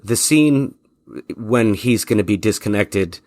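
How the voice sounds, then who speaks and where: A podcast host interviewing a guest, asking long, thoughtful questions. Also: male voice, on the low side, unhurried, darkish tone, dry recording, studio quality.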